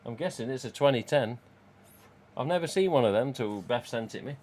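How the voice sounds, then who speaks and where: A man's voice: medium pitch, animated, a little fast, a little mellow. A man, casually chatting and rambling on a live stream from home. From England. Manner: rambling, chatty, reads out chat.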